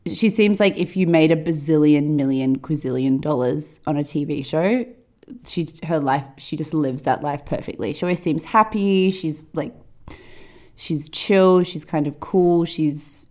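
A woman's voice: sits low, a little slow, a little mellow. A woman in her late twenties co-hosting a podcast, teasing her friend in a playful, rambling way. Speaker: podcast co-host. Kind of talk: casual chat.

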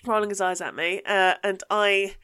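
A young woman with a bright, forceful voice tells a story on her podcast. She is animated and swears freely as she chats. The sound is close and dry, with no room around it. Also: medium pitch, normal speed, clear, resonant tone, no room sound. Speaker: podcast host. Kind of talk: casual storytelling chat.

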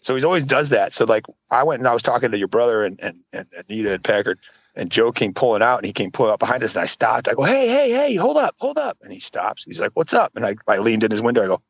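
A man's voice: racing, slightly rough, no echo. A man co-hosting a podcast, telling stories in casual chat and acting out what others said. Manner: animated storyteller, acts out others in high voices. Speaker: podcast co-host.

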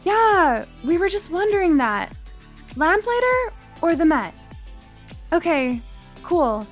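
Woman doing chill friendly girl, high voice. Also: very animated, takes it slowly, soft background music, exaggerated voice. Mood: casual.

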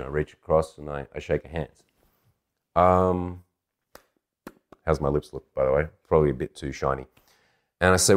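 Deep-voiced man telling a self-deprecating story. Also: moderate pace, long pauses. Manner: animated, self-deprecating, acts out dialogue. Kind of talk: anecdotal storytelling.

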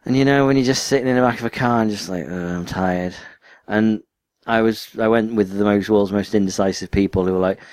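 A man's voice: fairly low pitch, steady tone, fast, hardly any pauses, a little mellow, no room sound. A young man with a northwest English accent from near Liverpool, co-hosting a podcast in rambling, self-mocking chat. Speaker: podcast co-host. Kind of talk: casual chat.

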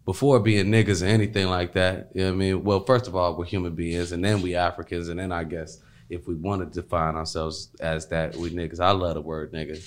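A man's voice: deep voice, flat delivery, a little fast. A man talking in a loose, rambling casual chat, full of fillers and repeats. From Chicago.

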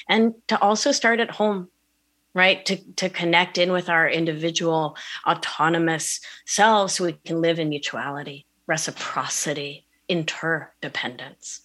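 A woman guest on a podcast, talking in an animated way about mindfulness and often asking "right?". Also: lowish voice. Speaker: podcast guest, wellness coach. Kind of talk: conversational interview.

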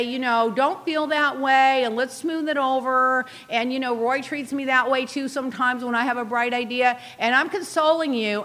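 Woman dishing a story, high voice, bright and sharp, really lively. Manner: animated, indignant, quick asides. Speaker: guest recounting reality show events. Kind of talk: casual storytelling chat.

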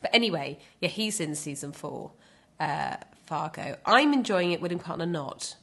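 A woman's voice: sits low, expressive, normal speed, gravelly. A woman in her thirties co-hosting a podcast, chatting casually, swearing freely and sometimes dropping to a whisper. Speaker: podcast co-host. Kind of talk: casual chat.

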